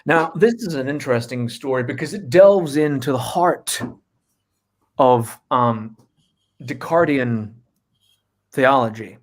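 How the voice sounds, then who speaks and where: A man narrating an improvised comedy story in a mock-grand, deliberate way. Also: mid-range voice.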